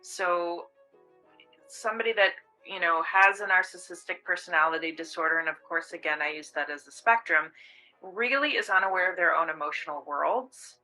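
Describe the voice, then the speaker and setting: A woman with a bright, clear tone explains abuse tactics in a measured voice. Her voice sits a little low. Soft music plays beneath her. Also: rough recording. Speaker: expert commentator on abuse. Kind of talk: explanatory documentary interview.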